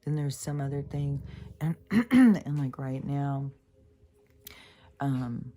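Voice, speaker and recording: A woman's voice: very deep voice, animated, slow, warm tone. A woman talking in a casual, rambling monologue, swearing often and mimicking other people as she tells stories. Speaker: spiritual podcaster.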